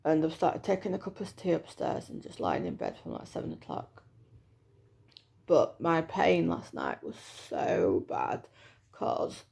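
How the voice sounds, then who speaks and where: A woman in her thirties talks through a personal vlog update in a low voice. Her voice is strongly gravelly, full of vocal fry. She speaks in a chatty, hesitant way, with lots of fillers. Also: wildly swooping pitch, measured pace, darkish tone. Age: 30s. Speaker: vlogger.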